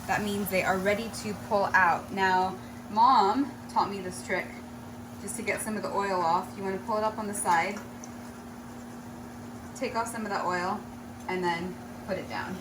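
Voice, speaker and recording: A woman's voice: mid-range voice, moderate pace. A young woman co-hosting a casual home cooking show, upbeat and talking straight to the viewers. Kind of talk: casual cooking demonstration and chat. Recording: faint room noise.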